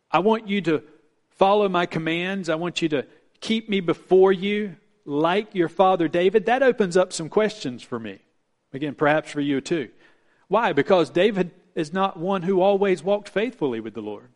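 Male pastor, sermon delivery, slightly high-pitched, earnest, emphatic slowdowns.

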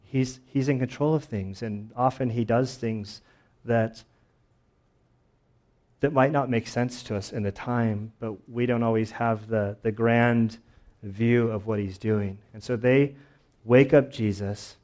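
A young adult man preaching a sermon in an easygoing, chatty way. He keeps a middle-pitched voice and fills his talk with fillers. He acts out bits of the story in small quoted asides. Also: steady tone, a little slow, darkish tone. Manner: casual, conversational preaching with many fillers and acted-out quotes. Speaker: pastor.

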